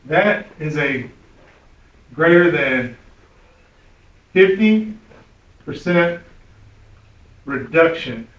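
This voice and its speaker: A man lectures a class in an easygoing, conversational way, often pausing to ask "right?". His voice sits a little high and carries through a roomy, echoing classroom. It is picked up from some distance on a muffled recording. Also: expressive, fairly bright tone. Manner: conversational, keeps checking in with "right?". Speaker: instructor.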